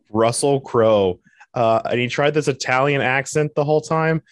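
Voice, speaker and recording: A man's voice: mid-range voice, measured pace, no room sound, studio quality. A man co-hosting a casual podcast, blunt and opinionated, swearing freely as he argues. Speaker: podcast co-host. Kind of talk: casual chat.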